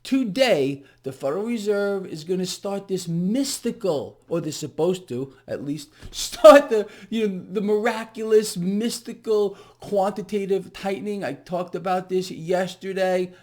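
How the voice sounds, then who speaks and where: A man's voice: high voice, animated, unhurried, hardly any pauses. Sarcastic ranting male market commentator. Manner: ranting, sarcastic and profane, laughs in exasperation. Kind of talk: casual monologue to viewers.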